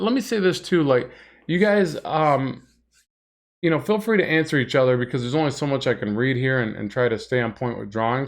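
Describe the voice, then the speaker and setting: A middle-aged man chats through a comic drawing livestream, in a voice of middling pitch. He rambles a little, restarts his sentences and answers viewers as he works. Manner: rambling and chatty, many fillers and restarts, reads chat aloud. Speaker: comic art instructor and livestream host. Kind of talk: casual livestream drawing lesson, chatting with viewers.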